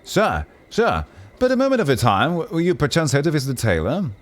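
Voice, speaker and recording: A man voicing a fussy, pompous nobleman who talks in a shrill, indignant and haughty way. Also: huge pitch swings, a little fast.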